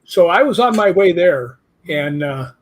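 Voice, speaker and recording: Older man, husky, fairly high voice, casual guest telling rambling anecdotes. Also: lively intonation, unhurried. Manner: rambling anecdotes with asides, quotes his own questions. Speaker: guest ghost hunter. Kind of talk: casual interview storytelling.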